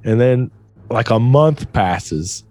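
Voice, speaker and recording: A man's voice: medium pitch, lively intonation, takes it slowly, dark tone. Young man telling a story, loose and profane. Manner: loose, profane, laughing often. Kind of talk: casual storytelling.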